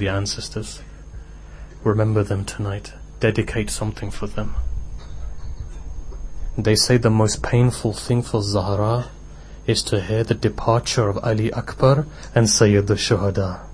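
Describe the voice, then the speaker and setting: A man with a British accent and a lowish voice preaches a sermon in a mosque hall. He tells stories and builds to impassioned exhortation, with slight background noise behind him.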